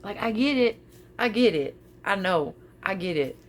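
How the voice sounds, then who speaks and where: A woman vlogging casually to her viewers, expressive, often repeating her phrases and laughing. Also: mid-range voice, normal speed, slight background noise. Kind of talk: casual talk to camera.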